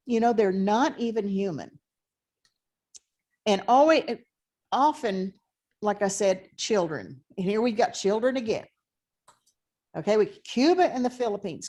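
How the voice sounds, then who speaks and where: A woman teaching a history class over a video call. She talks in a relaxed, conversational way and fills the gaps with "okay" and "you know" as she walks through her material. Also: fairly high pitch. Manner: conversational, thinks aloud with fillers. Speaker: history professor. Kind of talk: online lecture.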